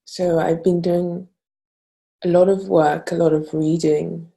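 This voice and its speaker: A woman's voice: fairly low pitch, little pitch movement, slow pace, vocal fry, dark tone. A woman sharing in a workshop, hesitant and searching, often repeating words, and close to tears. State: tearful. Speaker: workshop participant. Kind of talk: emotional sharing in an online workshop.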